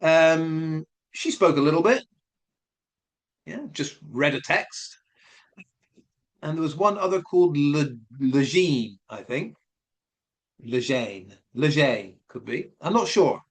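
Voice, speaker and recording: Guy vlogging his take, lively up-and-down voice, keeps asking why and going over it again. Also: on the high side. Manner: questioning, speculative, repeats points. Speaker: commentary vlogger. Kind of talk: casual spoken commentary.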